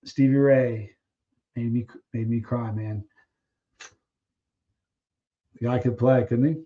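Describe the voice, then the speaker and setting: A man's voice: medium pitch, steady tone, normal speed, phone-quality sound. A man hosting a casual live stream, chatting loosely with viewers, reading out their questions and trailing off while he searches for names.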